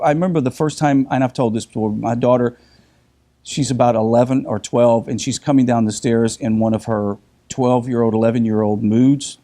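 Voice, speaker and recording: A middle-aged man teaching in a casual group discussion, telling lively stories with frequent restarts. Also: mid-range voice. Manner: animated storyteller with frequent restarts.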